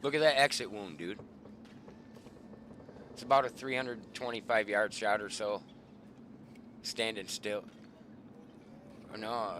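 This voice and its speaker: A middle-aged man with a lowish, bright, forceful voice tells a hunting story with plenty of swearing. He is the show's host, and his delivery is animated and casual. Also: a little hiss or hum. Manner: profane, animated, swearing often. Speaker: show host.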